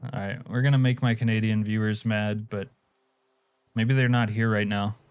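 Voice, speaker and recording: Faint music runs under the voice of a man from Alaska who is live-streaming a game and bantering crudely with viewers. He swears, jokes, replies to chat and laughs often. His smooth, lowish voice barely moves in pitch and keeps a normal speed.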